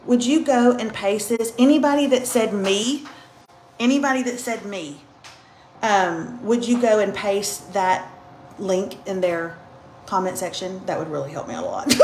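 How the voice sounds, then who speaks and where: A woman's voice: medium pitch, a little hiss or hum. A woman, chatting and joking with viewers on a bedtime livestream at home. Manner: chatty, joking, talks straight to commenters. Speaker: livestream host. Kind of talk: casual live chat to viewers. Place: her home, getting ready for bed. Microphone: phone livestream.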